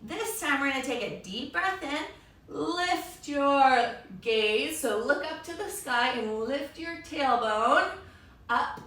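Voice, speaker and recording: A young woman teaches a children's yoga class in a high, expressive, fairly bright voice, taking it slowly. Upbeat and encouraging, she makes animal sounds with the poses, recorded with a distant mic in an echoey room.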